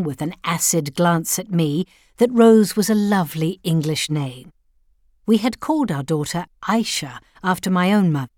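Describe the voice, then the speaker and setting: Woman narrating a story in a low voice. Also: darkish tone, no echo, clean studio sound. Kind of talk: first-person story reading.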